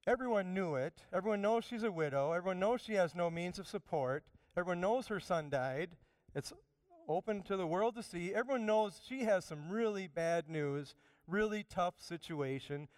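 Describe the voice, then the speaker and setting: A man preaching a sermon, animated, swinging from loud emphatic bursts down to quiet asides. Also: sits high, smooth, dry recording, studio quality. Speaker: pastor.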